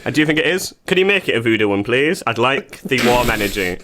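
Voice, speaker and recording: A comedian co-hosting a podcast, talking in a playful, self-mocking way in casual chat. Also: male voice, medium pitch, big pitch swings, fast, noisy background.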